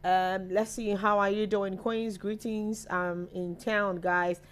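A woman's voice: medium pitch, little pitch movement, slow. A Ghanaian woman co-hosting a live online chat show, chatting as she reads out viewer names and messages. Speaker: co-host reading viewer comments.

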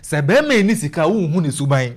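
Man, talk show host, emphatic, fairly high voice, very animated pitch. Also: quick pace. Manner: animated, emphatic, directs the producer. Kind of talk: casual radio-style chat.

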